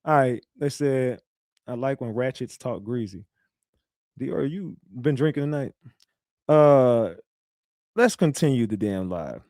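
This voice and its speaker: A man's voice: medium pitch, animated, measured pace, long pauses, darkish tone, no echo, clean studio sound. A man hosting a livestream, talking in a loose, rambling way with street slang and many restarts. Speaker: livestream host. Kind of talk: casual livestream commentary.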